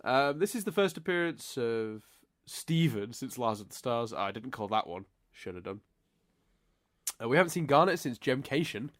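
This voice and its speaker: A man's voice: mid-range voice, big pitch swings, normal speed, no echo, clean studio sound. A man from England hosting a podcast, stuffy with hay fever, rambling with lots of restarts. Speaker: podcast host. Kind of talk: casual podcast chat.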